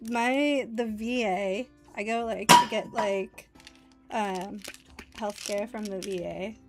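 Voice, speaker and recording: A woman's voice: mid-range voice, steady tone, takes it slowly, loud music behind the voice. A woman streamer chatting casually while she plays a game, reading lines aloud and laughing often. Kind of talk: casual gaming stream chat.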